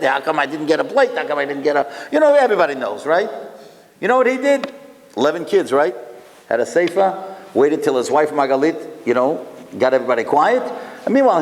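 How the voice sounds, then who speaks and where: A male rabbi with a fairly high voice telling a story to a room of listeners. He keeps the crowd engaged with rhetorical questions and drops Hebrew and Yiddish words into his speech. His voice carries a long hall reverb. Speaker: rabbi and lecturer.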